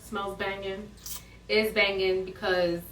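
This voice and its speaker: A woman's voice: medium pitch, level tone, slow pace, a bit bright, distant mic, a little hiss or hum. A woman co-hosting a home cooking video, chatty and teasing, needling her partner. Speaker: cooking show co-host. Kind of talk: casual banter. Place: home kitchen. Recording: roomy room from afar.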